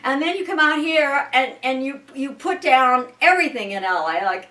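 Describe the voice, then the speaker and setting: An older woman from Iowa, an actress, telling rambling, halting stories in an interview, often restarting her sentences. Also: high voice, expressive, sharp tone. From Sioux City, Iowa, US. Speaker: guest, actress. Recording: roomy, distant mic.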